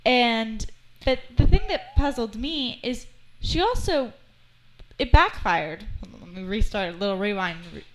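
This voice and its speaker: A woman's voice: on the high side, unhurried, poor audio. A woman co-hosting a casual TV recap chat, telling it animatedly and quoting the characters. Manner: animated storyteller, quotes characters. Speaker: podcast co-host.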